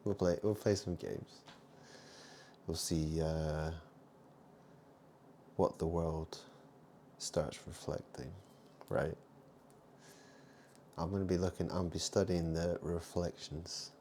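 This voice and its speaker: A man vlogging in a rambling monologue, muttering asides and swinging between loud remarks and hushed ones. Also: deep voice, steady tone, slow, pauses often, a little hiss or hum.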